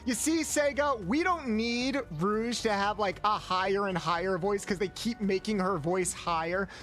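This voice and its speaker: A man's voice: sits high, moderate pace, fairly bright tone. A man streaming a video game, chatting playfully with his viewers in a loose, rambling way. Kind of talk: casual gameplay commentary. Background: faint game music.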